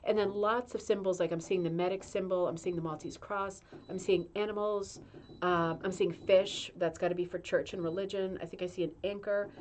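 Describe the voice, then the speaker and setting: A middle-aged woman talks casually on a livestream at a medium pitch, reading passages from a magazine and breaking off with chatty asides. A faint hum of background noise sits under her voice. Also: fairly even intonation, fairly quick, a little mellow. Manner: chatty, reads aloud with asides and laughs. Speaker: show host reading a magazine. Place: indoor room with a humming heater.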